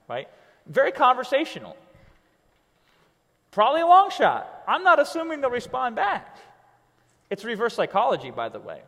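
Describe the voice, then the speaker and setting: A man teaching an online business lesson in a lively, conversational way, checking in with "right?" over and over. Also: sits high, fairly quick, long pauses, big-room sound. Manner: animated, conversational, keeps asking "right?". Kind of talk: coaching lesson.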